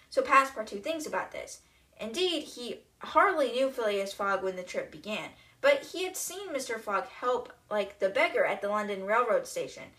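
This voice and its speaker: A woman's voice: on the high side, sing-song, normal speed, fairly bright tone. A woman hosting a podcast, casually retelling a novel chapter by chapter with chatty, wry asides. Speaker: podcast host.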